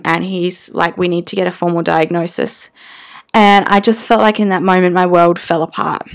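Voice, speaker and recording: A young woman speaking as a mother, telling her family's story in a candid, emotional way with casual slang and fillers. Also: medium pitch.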